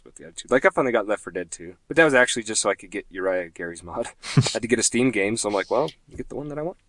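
A man's voice: lowish voice, racing, a bit bright, no echo. A man in his late twenties hosting a casual gaming podcast, rambling and self-deprecating, laughing often. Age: 20s. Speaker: podcast host.

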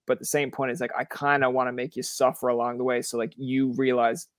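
A man's voice: mid-range voice, a little fast, few pauses, dry recording. A young man from Canada hosting a casual podcast interview. He tells stories with lots of acted-out quotes and swears freely. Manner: animated storyteller who acts out quoted voices, swears freely. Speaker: podcast host.

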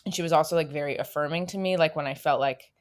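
Brief: deep-voiced woman, stage actress as guest, loose and chatty with plenty of "um" and "like". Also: fast talker. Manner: chatty, many fillers and restarts. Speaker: stage actor, interview guest. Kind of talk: casual interview chat.

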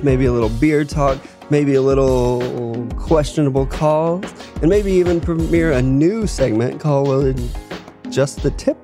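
A man voicing an upbeat male announcer persona for a podcast intro, in a raised, lively delivery. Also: mid-range voice, lightly acted.

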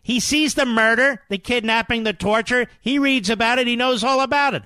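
Middle-aged male talk radio host; sarcastic, emphatic, repeats for punch; higher voice, dead-dry studio. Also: fairly quick, sharp tone, no echo. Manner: combative, sarcastic, emphatic repetition. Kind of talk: political talk radio monologue.

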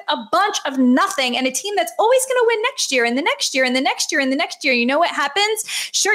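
A woman hosting a podcast, ranting in an animated, sarcastic way about fan habits. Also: very high-pitched. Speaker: podcast host. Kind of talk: casual podcast chat.

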